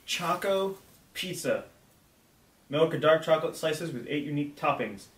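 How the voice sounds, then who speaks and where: A man's voice: on the high side, fast, a bit bright, slight background noise. A young man co-hosting a snack review, reading trivia aloud in a laid-back way. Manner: laid-back, laughs easily. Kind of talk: casual chat reading trivia. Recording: echoey room, mic at a distance.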